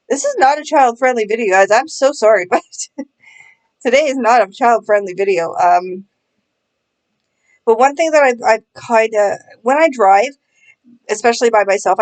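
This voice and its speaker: Sarcastic woman chatting with laughs. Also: medium pitch. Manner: sarcastic, self-mocking, laughs often. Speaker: vlogger. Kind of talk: casual chat.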